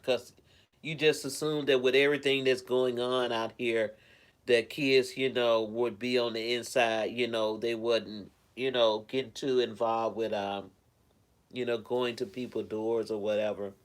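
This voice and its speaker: A man's voice: mid-range voice, little pitch movement, a little slow. A man chatting casually at home on a live stream, rambling in a caring way and greeting viewers by name. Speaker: live streamer reading chat.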